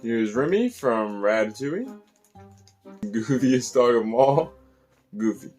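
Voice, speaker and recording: A man hosting a casual tour of his puppet collection, in a chatty, animated way. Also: mid-range voice, slow, soft background music. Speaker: puppet collector and channel host.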